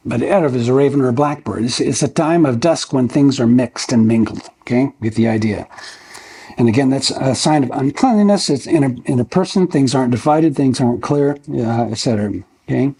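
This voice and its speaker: Husky, folksy older male pastor preaching. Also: medium pitch, a little fast, mellow. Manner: folksy and conversational, checks in with "okay?" and asks rhetorical questions. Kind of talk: verse-by-verse sermon. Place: church.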